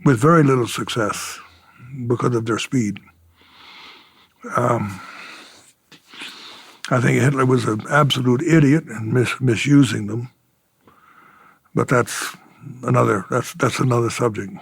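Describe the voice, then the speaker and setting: A man's voice: mid-range voice, a little slow, gravelly, long pauses, breathy edge, dry recording. An older man, a retired fighter pilot, telling war stories in an oral history interview, chuckling and acting out the exchanges he quotes.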